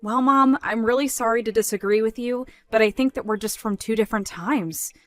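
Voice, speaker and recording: A young woman voicing an independent daughter who speaks in a measured, firm way in a scripted story dub. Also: on the high side, soft background music, lightly acted.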